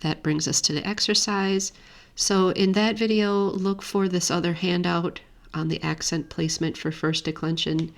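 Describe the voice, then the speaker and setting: A woman teaching Greek grammar in a steady, methodical way, walking through a lesson on screen. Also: on the low side, normal speed, creaky. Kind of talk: screen-share lesson walkthrough.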